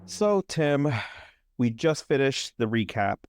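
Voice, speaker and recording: A young man co-hosting a horror podcast, recapping a movie in a casual, animated way, joking and laughing. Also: mid-range voice, slow, heavy background noise. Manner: animated storyteller, jokes and laughs. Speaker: podcast co-host.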